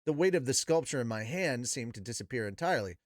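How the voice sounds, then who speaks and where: Man reading a novel aloud with profane asides, lively pitch, dry close mic. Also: fast, dry recording. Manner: animated, profane, laughing asides. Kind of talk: book reading with casual commentary.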